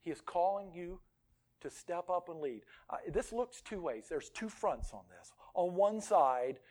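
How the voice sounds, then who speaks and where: Animated high-voiced male preacher. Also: unhurried. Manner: animated, swings from loud outbursts to hushed near-whispers; self-deprecating humor. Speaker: pastor. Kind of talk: sermon.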